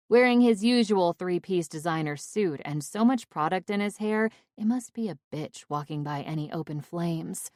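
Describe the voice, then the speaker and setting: A woman with a low-set voice reads a first-person romantic comedy, leaning into exasperation and sarcasm. The recording is dry and close, with no room around her. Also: no echo. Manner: expressive, exasperated. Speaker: audiobook narrator. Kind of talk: first-person audiobook narration.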